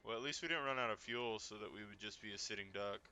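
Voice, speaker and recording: A man casually playing a video game, reacting excitably and reading the game's text aloud to viewers. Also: on the low side, fast, slight background noise. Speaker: game streamer.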